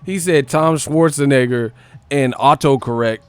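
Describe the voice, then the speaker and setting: A man's voice: lowish voice, a little slow, pauses often, no room sound. Slangy man ranting. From Northern California. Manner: slangy and profane, mocks with put-on voices and laughter. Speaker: live stream host. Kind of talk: casual live-stream rant.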